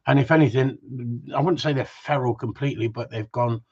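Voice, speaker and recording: A man's voice: medium pitch, a little fast, a little mellow, slightly rough. A man hosts a live stream as a dog trainer, chatting casually and joking while he answers viewers' questions. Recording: dull lo-fi stream audio.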